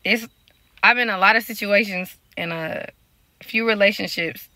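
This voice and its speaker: Talking straight to her viewers, a prophetic dreamer and life coach discusses faith and relationships in a relaxed spiritual vlog. Her mid-range voice is pushed and bright and moves at a moderate pace, recorded with no room sound, and her manner is loose and conversational.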